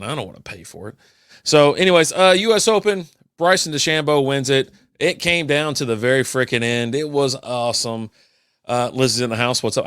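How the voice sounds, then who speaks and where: A man's voice: mid-range voice, a bit bright, dry recording, clean studio sound. A man hosting a podcast, chatting casually over a beer and telling rambling, profane stories. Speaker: podcast host.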